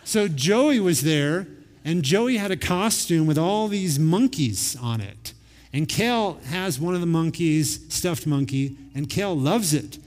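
A pastor in his forties preaches with a fairly high voice. He tells family stories with humor and energy. The sound rings with the long reverb of a church hall. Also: a little slow. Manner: lively storytelling with humor. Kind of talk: sermon.

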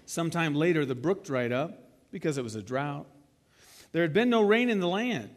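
A man with a fairly high voice preaches in a church. He talks to his listeners directly and conversationally. He retells scenes in his own words and asks them rhetorical questions. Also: animated, moderate pace, long reverb tail. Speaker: pastor. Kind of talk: sermon.

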